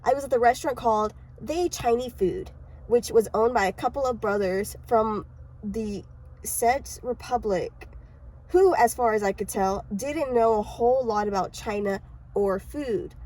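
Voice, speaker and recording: A woman giving a casual book summary and then reading aloud, halting and mumbly, with frequent coughs and restarts. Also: fairly high pitch, darkish tone, poor audio. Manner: mumbly, self-described. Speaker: amateur reader.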